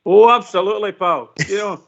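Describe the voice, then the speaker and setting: Gravelly man on a phone-in. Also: high-pitched, fairly quick. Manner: rambling, emphatic, laughs while talking. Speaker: caller. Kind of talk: casual phone-in chat. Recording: muffled lo-fi phone-in audio.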